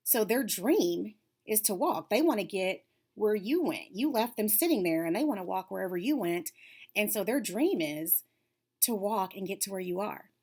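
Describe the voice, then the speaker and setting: A woman's voice: medium pitch, expressive, normal speed, a little mellow, husky. A woman giving an upbeat, encouraging talk to young girls, coaching them and dropping to a whisper for emphasis. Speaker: lead facilitator for girls' self-esteem class.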